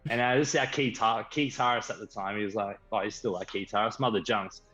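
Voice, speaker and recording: An Australian man, a band member guest, telling a story with lively enthusiasm. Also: fairly low pitch, fast talker. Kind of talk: casual storytelling. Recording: slightly dull stream audio with faint music.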